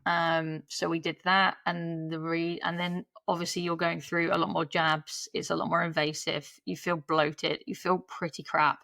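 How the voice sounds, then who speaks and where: A woman's voice: on the low side, little pitch movement, normal speed, vocal fry, few pauses, sharp tone, no room sound. A woman in her thirties, a podcast guest telling her story in a chatty, candid way, laughing often and breaking off mid-sentence.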